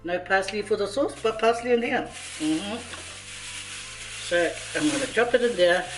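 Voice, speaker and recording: A woman's voice: medium pitch, animated, moderate pace. A woman vlogger cooking in her home kitchen, chatting playfully and joking with her viewers as she goes. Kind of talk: casual cooking vlog chat. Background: faint background music.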